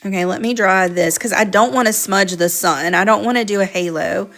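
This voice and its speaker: A woman's voice: medium pitch, a little fast, fairly bright tone. A woman teaching a live coloring class, chatting casually with viewers as she works. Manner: chatty, talks to viewers while working. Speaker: art teacher on a live stream.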